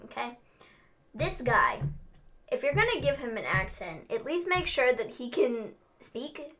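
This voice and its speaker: A young woman hosting a casual wrestling recap, opinionated and emphatic, quick to laugh. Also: a little high, very animated, a crowd in the background. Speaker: host.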